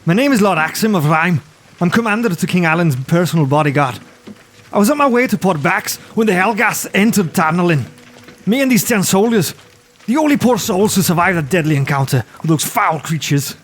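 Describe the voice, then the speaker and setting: A man voicing a gruff, loud knight commander who barks his questions and orders. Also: high-pitched, animated, brisk, voice pushed up. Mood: commanding. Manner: barking, commanding.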